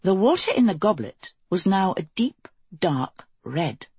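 A woman narrating a fantasy audiobook in a measured, even storytelling way. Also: lowish voice, slightly rough, no room sound.

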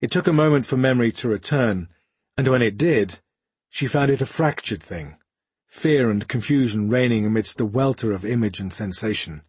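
A man reads an audiobook aloud in a steady storytelling manner. His voice is husky and breathy at the edges, at an ordinary pitch. The recording is dry and close. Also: moderate pace, dry recording. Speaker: audiobook narrator. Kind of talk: scripted narration.

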